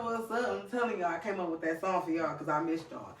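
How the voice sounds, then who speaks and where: A woman's voice: on the low side, normal speed, hardly any pauses. A woman hosting her own podcast solo, talking passionately in repeated, preachy bursts. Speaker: podcast host. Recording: echoey room, distant mic.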